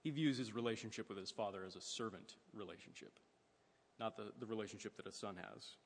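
A man's voice: on the low side, a little fast, husky, long reverb tail. A man preaching a sermon in a conversational way, asking his listeners questions.

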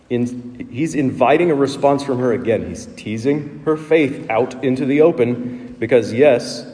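A man's voice: mid-range voice, warm tone, big-room sound. A man preaching a sermon as pastor, explaining the text in a conversational teaching way and posing rhetorical questions. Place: church sanctuary.

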